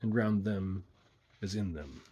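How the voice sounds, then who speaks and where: A man slowly reading a horror story aloud in a hushed, deliberate way. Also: low-pitched. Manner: slow, hushed, deliberate narration.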